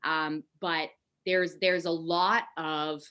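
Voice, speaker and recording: Candid, animated woman talking openly. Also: sits low, takes it slowly, smooth. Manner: candid, animated, swears casually. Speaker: podcast guest. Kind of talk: casual conversation.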